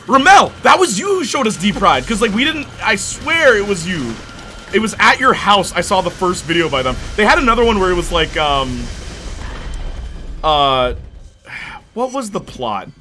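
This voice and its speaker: Bright-voiced young man rambling between game moments. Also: sits high, moderate pace, slight background noise. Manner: animated rambling storyteller, breaks into laughter; reads and answers viewer chat. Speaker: gaming channel host. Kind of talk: casual let's-play chat.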